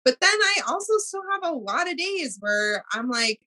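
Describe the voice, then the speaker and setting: Bright-voiced woman podcast host. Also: sits high, sing-song, unhurried, rough recording. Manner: warmly affirming, reflective. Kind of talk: casual interview chat.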